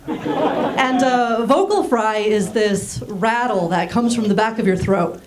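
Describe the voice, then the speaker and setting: A woman in her thirties, raised in Germany, doing a deadpan stand-up set on a small theater stage with frequent ums. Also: fairly high pitch, slow pace, a crowd in the background. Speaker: stand-up comedian. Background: audience laughing.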